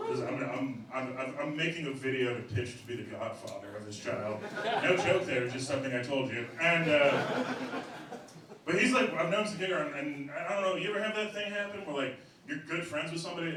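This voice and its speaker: A young man doing stand-up, telling a long story loosely with many fillers, on stage before a crowd. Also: mid-range voice. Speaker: stand-up comedian. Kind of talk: stand-up set. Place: comedy club stage before a laughing crowd. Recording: very echoey, noisy club from a distance.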